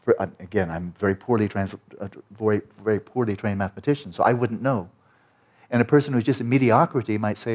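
A man's voice: lowish voice, quick pace, darkish tone. A man teaching about meditation in an emphatic, explanatory lecture style, often checking in with "right?".

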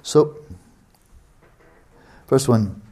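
In a mid-range, animated voice with a dark tone, a meditation teacher speaks extremely slowly over slight background noise. His dharma talk is blunt and sarcastic yet conversational, ridiculing students' excuses and imitating their doubts.

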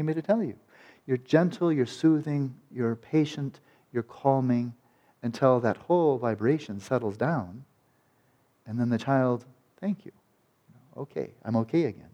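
At a retreat, a male meditation teacher gives a dharma talk, his gentle, soothing voice often trailing off into soft repeated words. His pitch sits a little high, and the sound is lo-fi.

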